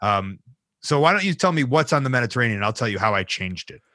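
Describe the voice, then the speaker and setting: A man's voice: medium pitch, big pitch swings, fast talker, sharp tone, dry recording, clean studio sound. A man guesting on a podcast, laid-back and joking as he chats. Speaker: guest, pro wrestler. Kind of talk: casual podcast chat.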